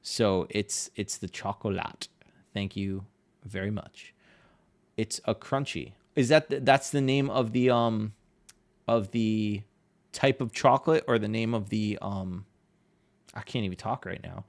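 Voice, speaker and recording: Gravelly-voiced Northeastern American man. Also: lowish voice, a little slow. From Connecticut, USA. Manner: chatty, reads chat aloud, laughs often. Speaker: livestreaming artist. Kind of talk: casual livestream chat while drawing.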